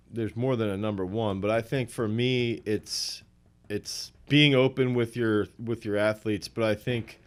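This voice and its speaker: Man telling stories in a rambling, animated way. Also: lowish voice, clear, resonant tone. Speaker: throws coach. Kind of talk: casual podcast interview.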